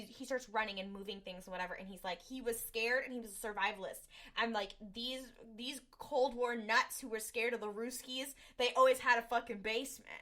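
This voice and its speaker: A young woman co-hosting a podcast, retelling a TV episode in a rambling, animated way, full of fillers and acted-out quotes. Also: fairly high pitch. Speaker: podcast co-host. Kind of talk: casual chat recapping an episode.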